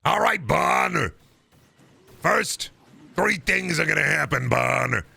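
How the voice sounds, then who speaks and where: A gruff cartoon caveman, as a male streamer puts him on, talking slow and threatening with heavy pauses. The voice is gravelly and bright at the edge, sounding like a menacing mob boss from the stone age. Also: a little high, expressive, voice pushed up, full character voice.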